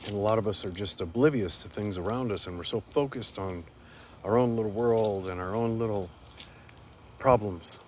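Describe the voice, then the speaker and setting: A man's voice: lowish voice, moderate pace, darkish tone. A man telling a joke and musing on perspective in a rambling, earnest monologue. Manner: rambling, earnest, repeats words. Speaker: speaker sharing life reflections. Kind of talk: casual reflective monologue. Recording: faint background noise.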